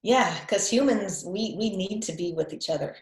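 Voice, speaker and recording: A woman from New England with a mostly faded Boston accent chats casually on a video call as a guest health coach, repeating words and laughing often. Her voice is medium-pitched and moderately paced, and the low-quality recording sounds roomy.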